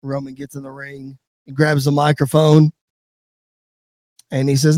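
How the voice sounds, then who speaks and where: A man narrating an imagined wrestling show in an excitable play-by-play announcer's manner. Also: mid-range voice, measured pace, pauses often, dry recording, studio quality.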